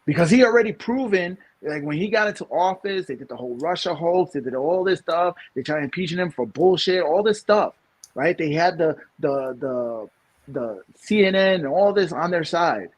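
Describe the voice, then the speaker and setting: Husky man ranting on a podcast. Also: on the high side, lively intonation, moderate pace. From New York. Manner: rambling, restarts and repeats, emphatic bursts. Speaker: podcast co-host. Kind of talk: casual opinion chat.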